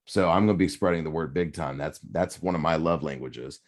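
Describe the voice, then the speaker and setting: A very low-pitched man moderates a panel over a video call. He is effusive and grateful, laughing easily between questions. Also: a little fast.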